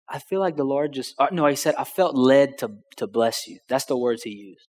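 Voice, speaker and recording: A man's voice: medium pitch, a little fast, hardly any pauses. A man, preaching as a pastor and acting out the voices in a personal story. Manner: animated storyteller, acts out dialogue. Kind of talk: sermon storytelling. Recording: long hall reverb.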